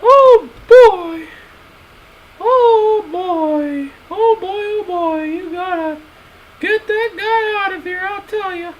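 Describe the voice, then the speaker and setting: A man putting on a shrill, squeaky voice for a comedic stream rant, repeating himself breathlessly. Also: takes it slowly, highs cut off. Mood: indignant.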